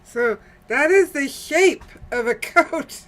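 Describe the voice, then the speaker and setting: Very slow, lively-voiced woman crafting. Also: sits high, a little hiss or hum. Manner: self-deprecating, laughs at herself. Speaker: wood-burning artist host. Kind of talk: casual chat while crafting.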